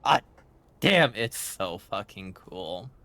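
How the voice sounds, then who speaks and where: Low-voiced and speaking with a faded German accent, a man narrates his gameplay live as a streamer. His commentary is excitable and profane, and he laughs readily.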